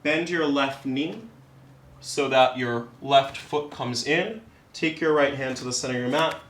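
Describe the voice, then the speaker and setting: A man leading a yoga class, giving calm, encouraging step-by-step cues. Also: mid-range voice, echoey room. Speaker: yoga instructor.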